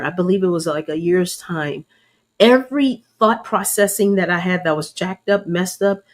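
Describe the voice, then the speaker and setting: A middle-aged woman, sharing a faith-based personal testimony in an earnest, preacherly way and calling her listeners y'all. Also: medium pitch. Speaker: host.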